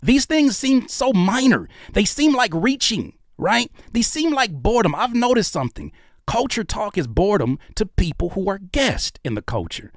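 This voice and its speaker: A man's voice: sits high, sing-song, normal speed, dry recording, studio quality. A man in his thirties giving heated, preachy reaction commentary on video clips, swearing freely.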